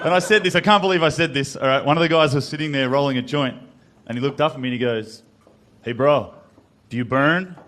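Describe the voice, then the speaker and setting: A man's voice: fairly high pitch, quick pace. Australian man telling stand-up stories. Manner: animated storytelling with acted quotes. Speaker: stand-up comedian. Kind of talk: stand-up set. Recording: live club with crowd.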